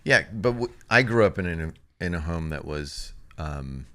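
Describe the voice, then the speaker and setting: Low-voiced man telling family stories. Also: normal speed. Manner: animated anecdotes, quoting family members. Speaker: pastor, podcast co-host. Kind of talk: casual conversational storytelling.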